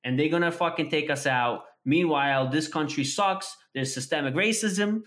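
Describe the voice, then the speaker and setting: A man's voice: on the high side, normal speed. A man in casual podcast chat, telling a story with lots of swearing and acting out both sides of a conversation. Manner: profane, animated storytelling, acts out quoted conversations.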